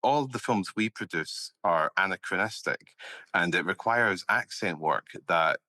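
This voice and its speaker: A man's voice: deep voice, measured pace, sharp tone. A man hosting an interview, hesitant with many fillers and restarts. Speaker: interview host, filmmaker. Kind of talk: casual interview conversation.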